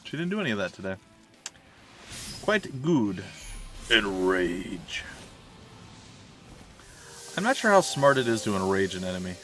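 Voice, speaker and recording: A man's voice: lowish voice, big pitch swings, rapid-fire, hardly any pauses, a bit bright, faint music behind. A man rambling casually and jokingly over his gameplay as a streamer, wandering off into side stories. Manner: chatty, self-mocking, meandering asides. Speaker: let's play streamer. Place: at home.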